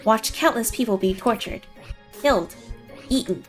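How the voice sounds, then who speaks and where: A woman's voice: on the high side, lively intonation, normal speed, faint music behind, voice pushed up, natural voice. A woman voicing the cruel, contemptuous inner voice of a man who accuses him relentlessly. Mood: accusing.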